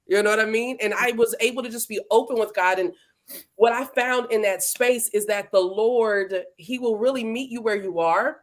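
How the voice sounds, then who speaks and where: At a moderate pace and in a mid-range voice, a woman hosts an interview livestream, keeping things casual and playful while greeting viewers by name. The sound comes from a livestream setup.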